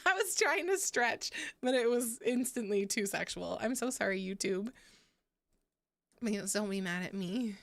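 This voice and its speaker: A woman's voice: medium pitch, expressive, unhurried, creaky, no echo. A young woman hosting a gaming livestream, chatting casually with viewers, giggling and swearing freely. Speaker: livestream host. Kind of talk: casual gaming stream chat.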